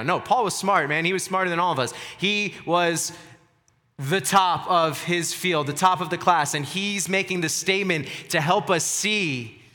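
A male pastor preaching in an earnest, emphatic way, often repeating words to stress a point. His voice is bright and fairly high for a man. A long reverb hangs around it, as in a church sanctuary. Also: normal speed. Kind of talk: sermon.

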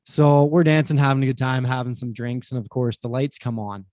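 A man's voice: medium pitch, brisk, dry recording. A young man on a podcast, telling a crude personal story in casual chat, swearing often and acting out what people said. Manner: animated, profane, acts out quotes. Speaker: podcast guest.

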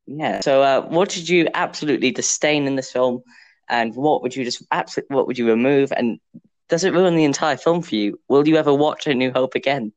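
A young man hosts a casual podcast chat with a middle-pitched voice. He talks in an eager, rambling way and leans on fillers. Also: a little fast. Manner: chatty, enthusiastic, rambling with fillers. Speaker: podcast host.

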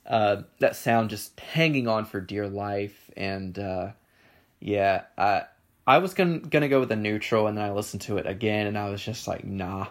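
This music reviewer talks through songs solo at a normal pace in a lowish voice. He stumbles with many ums and restarts, staying offhand and hesitant, and his humor is dry.

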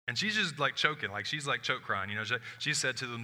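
Man, pastor, sermon, very bright voice, lively storytelling, echoing hall. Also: medium pitch, quick pace, hardly any pauses. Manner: animated storytelling, acts out voices, swings from loud to hushed.

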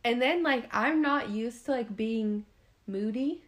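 A woman's voice: on the high side, a little slow. A woman co-hosting a casual podcast chat, laughing often and swearing freely. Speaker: podcast co-host, hairstylist.

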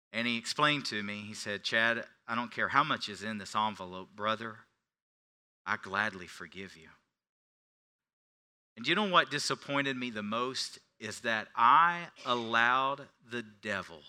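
A middle-aged male pastor preaching a sermon, telling a personal story, swinging from hushed confession to loud preaching. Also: mid-range voice. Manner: confessional storytelling, dropping to near whispers then rising to shouts.

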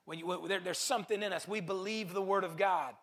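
A man's voice: high-pitched, steady tone, fast talker, fairly bright tone. A man preaching a sermon as pastor, emphatic, repeating phrases for stress and calling out to the congregation. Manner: calls to the congregation.

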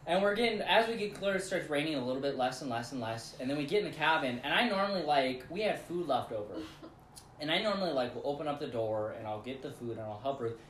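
A man's voice: on the high side, quick pace, a little hiss or hum. Man animatedly retelling a story. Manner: rambling, animated retelling with laughs. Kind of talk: casual storytelling chat. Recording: echoey room.

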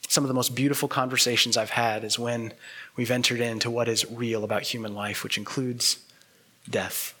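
A man preaching a sermon as pastor, earnest and reflective, pausing often and letting words trail off softly. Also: medium pitch, flat delivery, slightly rough.

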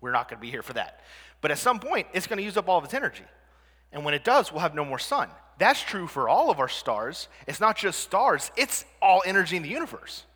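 A man presents to a live audience in a bright, forceful, slightly high voice with a breathy edge, moving fairly quickly and swinging widely in pitch. His style is conversational, and he keeps checking in with listeners by asking questions. The long reverb of a hall rings around his voice.

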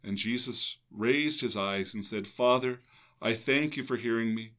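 Speaking unhurriedly in a medium-pitched, fairly bright voice, an older priest reads from the gospel and then talks it over with a co-host. His reflection is earnest and meditative, with a few restarts.

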